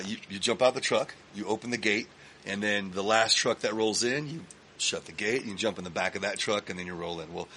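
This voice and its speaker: A man from Texas chats as a podcast guest in a studio. He spins long, rambling stories, swearing freely and circling back with plenty of "uh"s, in a lowish voice with a bright, forceful edge. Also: slight background noise. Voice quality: profane, animated storyteller with lots of fillers. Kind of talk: casual storytelling chat. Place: recording studio.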